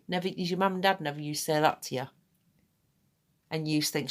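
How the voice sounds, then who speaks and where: A middle-aged woman, her voice sitting a little low. She chats in a rambling, blunt way, swearing now and then as she demonstrates a skin treatment. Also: fairly even intonation, brisk, pauses often. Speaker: aesthetics practitioner. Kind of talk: casual chat while demonstrating.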